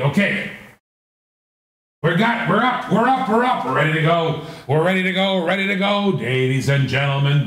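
A man's voice: sits high, a bit bright, roomy sound. A man hosting a live online auction, with playful, rhythmic, repetitive patter. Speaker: auctioneer and channel host.

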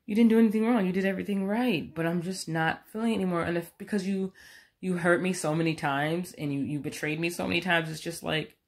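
A woman's voice: on the low side, steady tone, quick pace. A woman in her thirties telling a long, rambling story in a casual vlog, cursing often and poking fun at herself. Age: 30s. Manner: rambling, profane, self-mocking. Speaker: vlogger. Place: room at home with her cat. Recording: roomy, echoey room.

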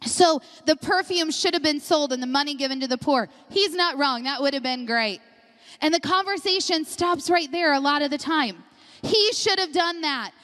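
A middle-aged woman pastor delivers a sermon in a slightly high voice, full of personal stories. She talks in an animated way and breaks into laughter often. Her voice carries with a long reverb through a large church hall. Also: moderate pace. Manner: animated storyteller, laughs often mid-sentence. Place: church sanctuary.

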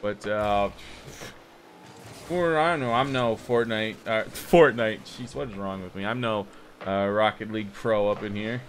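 A young gaming streamer with a lowish voice gives casual live commentary while playing a game online, talking at a normal speed. He rambles and mocks himself, breaking into sudden excited outbursts. A little hiss or hum can be heard.

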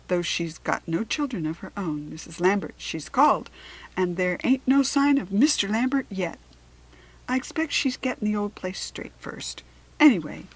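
A woman playing a gossipy older countrywoman from a storybook, folksy and chatty. She passes along village news in a familiar, confiding way. The voice is soft and breathy. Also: mid-range voice, low-quality recording.

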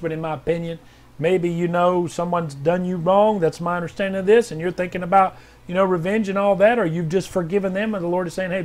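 A man reading out prophetic words to named listeners, repeating each one slowly and loudly, then explaining it in quiet, halting asides. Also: high-pitched. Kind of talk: informal prophetic reading with commentary.

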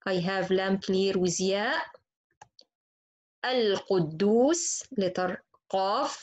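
A woman teaching Quran recitation, slowly and patiently repeating each example word. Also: mid-range voice, level tone, low-quality recording. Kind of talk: slow tajweed lesson with spoken examples.

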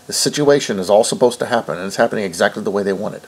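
A man's voice: on the low side, rapid-fire, breathy edge. A man reading news stories aloud and breaking off to rebut them in an indignant, preachy way. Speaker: online commentator.

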